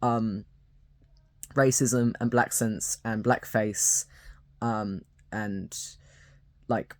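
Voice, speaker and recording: Halting, slow-talking young man. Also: lowish voice, fairly even intonation, darkish tone, no room sound, studio quality. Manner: hesitant, halting, with many fillers and restarts. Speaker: YouTuber. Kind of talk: unscripted talking-to-camera commentary.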